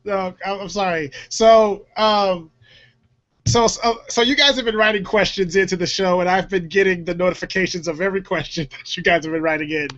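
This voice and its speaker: A man's voice: high-pitched, fairly even intonation, a little fast, fairly bright tone. A man hosting a casual talk show, rambling with many fillers and frequent laughs. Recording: dull lo-fi audio.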